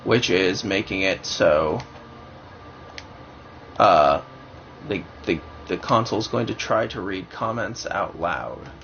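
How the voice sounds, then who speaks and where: Gravelly young man thinking aloud. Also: fairly low pitch, fairly bright tone, lo-fi sound, slight background noise. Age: young adult. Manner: thinking aloud, rambling and hesitant. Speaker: livestreamer playing a game. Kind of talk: live gameplay commentary.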